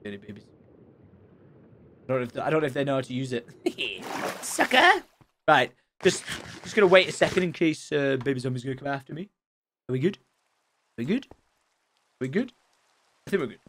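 A young man narrates his gameplay in a lively Let's Play style, his pitch leaping up and down as he thinks aloud. He is chatty and excitable, talking straight to his viewers. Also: quick pace, pauses often, slight background noise. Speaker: gaming channel host.

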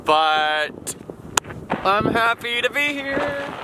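A man in his twenties, chatting excitedly to a handheld camera on a solo road trip. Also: very high-pitched, extremely slow. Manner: excitable and chatty, talking to himself on a solo drive. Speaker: vlogger. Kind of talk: casual travel vlog talk to camera. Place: in a car and outdoors on rural roads. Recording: audible car and outdoor noise.

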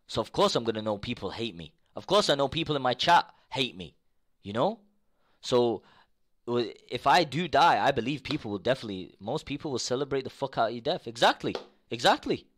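A young man live-streaming, ranting to his chat in casual talk, swearing freely and repeating himself, jumping between low mutters and loud outbursts. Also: big pitch swings, fairly quick.

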